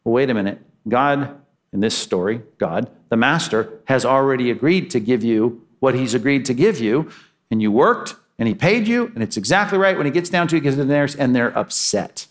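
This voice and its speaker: A man preaching a sermon in an animated way. His voice sits at a medium pitch, and he rises and drops sharply as he acts out the people he quotes. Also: a little fast. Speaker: pastor.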